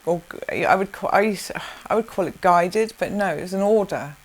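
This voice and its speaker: A woman recounting her experiences in an interview, hesitant, with many pauses and sighs. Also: medium pitch.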